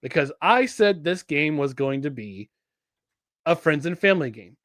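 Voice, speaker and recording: A man co-hosting a sports podcast in casual chat, animated and jokey, often restarting his sentences. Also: on the high side, normal speed, no echo, studio quality. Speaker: podcast co-host.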